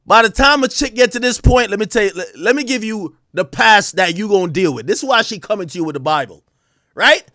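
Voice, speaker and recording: A man holds a profane live-stream rant for his chat, his voice sitting very high and leaping up and down in pitch. He talks crudely and breaks into shouting at times. The sound is close and dry, with no room around it. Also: brisk, dry recording. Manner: animated, crude, bursts into shouting.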